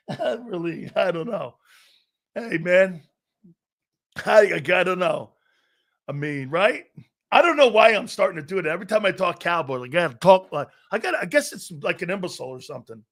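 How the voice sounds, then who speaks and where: A man's voice: high-pitched, animated, normal speed, a bit bright. A man hosting a sports talk show in a brash, profane, mocking rant.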